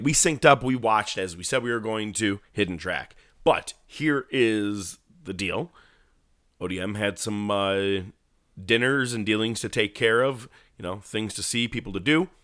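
A man's voice: fairly low pitch, a little slow, dry recording, clean studio sound. A man chatting casually as a podcast co-host, telling stories with energy and acting out movie lines. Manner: animated storytelling, swearing, acts out movie lines. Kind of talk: casual wrestling chat.

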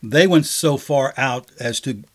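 A man co-hosting a casual Bible discussion, explaining passages conversationally with fillers and lively acted-out sarcastic lines. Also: mid-range voice, a little slow. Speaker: Bible study co-host.

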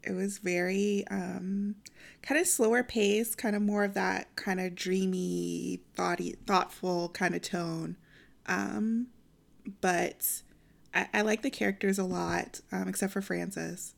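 A woman co-hosting a casual book chat, relaxed and quick to laugh, using plenty of fillers. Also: medium pitch, vocal fry. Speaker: book podcast co-host.

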